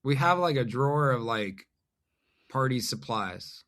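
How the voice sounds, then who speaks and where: A man speaking as a podcast guest in a casual chat. His tone is bright and forward, and his pitch sits in the middle range. He talks haltingly and deadpans his jokes. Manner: halting, deadpan, self-deprecating. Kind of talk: casual conversation.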